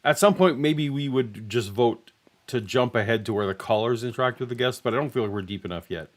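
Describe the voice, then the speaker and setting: Man, co-host, casual livestream chat, relaxed, hesitant, mid pitch. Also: a little fast.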